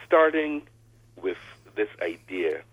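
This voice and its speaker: A man calling in to a radio talk show, speaking slowly and deliberately. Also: fairly low pitch, sing-song, dry recording. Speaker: caller. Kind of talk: call-in radio commentary. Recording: husky tinny phone line.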